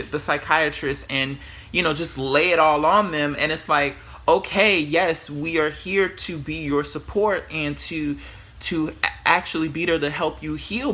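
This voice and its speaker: A man, a spiritual worker, giving sassy, profane motivational talk to camera in a brash, animated way. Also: on the high side. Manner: brash, animated, swears freely, calls the viewer bitch and girl; repeats and restarts words when excited.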